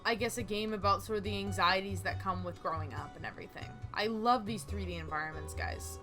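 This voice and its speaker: Bright-voiced woman chatting over a game. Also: mid-range voice, a little fast, soft background music. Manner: chatty, exclaims and talks back to the game. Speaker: gaming channel host. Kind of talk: casual let's-play commentary.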